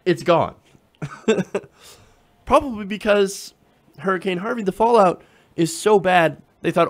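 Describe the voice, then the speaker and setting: A man's voice: high-pitched, takes it slowly, pauses often. A man hosting casual political commentary, talking conversationally with sarcasm and frequent fillers.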